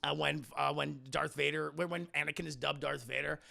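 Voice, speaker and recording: A man's voice: a little high, steady tone, brisk, vocal fry, sharp tone. A man streaming a casual spoiler film review, crude, profane and rambling, laughing often.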